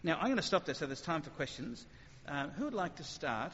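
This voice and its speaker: Brief: man preaching to a live audience, animated and conversational, a fairly high voice, muffled hall recording with a long reverb tail. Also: a little fast, slight background noise. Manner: animated, conversational, sudden acted asides. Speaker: speaker. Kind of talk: evangelistic talk with questions.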